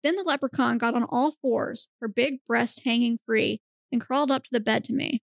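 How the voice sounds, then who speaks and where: A woman's voice: a little high, moderate pace, gravelly, no room sound, studio quality. A woman podcast host narrating a story aloud in a comedic reading, straight-faced with occasional giggles. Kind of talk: comedic reading of erotic fiction.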